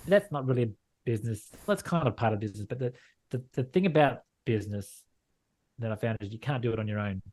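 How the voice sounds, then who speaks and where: A man's voice: mid-range voice, animated, quick pace, darkish tone. A middle-aged Australian man from Western Australia, a landscape photographer talking frankly in a casual interview, often repeating and restarting his phrases. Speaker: landscape photographer and gallery owner.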